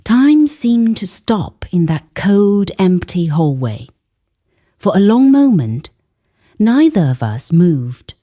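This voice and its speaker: A woman's voice: mid-range voice, big pitch swings, takes it slowly, dark tone, no room sound, clean studio sound. A woman telling a moral story in first-person scripted narration, dramatic and often dropping to a whisper.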